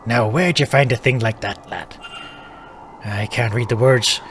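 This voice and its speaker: A man voicing a gruff druid. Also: medium pitch, unhurried, a bit bright, a little hiss or hum, close to an everyday voice. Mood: matter-of-fact. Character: plainspoken middle-aged male Irish druid hotel guest. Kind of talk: video game voice acting.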